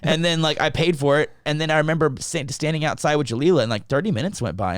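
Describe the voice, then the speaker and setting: A man co-hosting a podcast, telling stories in casual chat with lots of swearing and animated retelling. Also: fairly high pitch, fast, few pauses, no room sound, studio quality. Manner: profane, animated storytelling. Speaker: podcast co-host.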